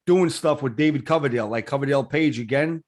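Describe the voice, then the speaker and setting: A man from Queens, hosting a casual interview and talking like an excited fan. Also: medium pitch, quick pace. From Queens, New York. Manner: excitable, blunt fan talk. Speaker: interview host.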